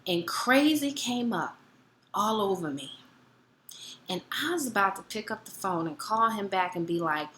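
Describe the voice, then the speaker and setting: Bright, animated woman teaching wellness. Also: mid-range voice, normal speed, reverberant, a little hiss or hum. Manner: animated, acts out both sides of dialogues. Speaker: wellness educator. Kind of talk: casual teaching with personal stories.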